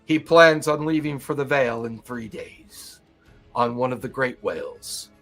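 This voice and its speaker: A man voicing a hesitant sea-dwelling council servant who speaks in a halting, deferential way. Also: medium pitch, fairly bright tone, faint music behind, lightly acted.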